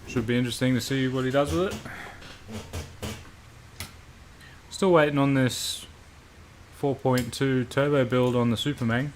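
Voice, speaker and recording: A man's voice: medium pitch, measured pace, long pauses, slight background noise. A man hosting a live stream, chatting casually and bluntly with viewers and swearing freely. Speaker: livestream host.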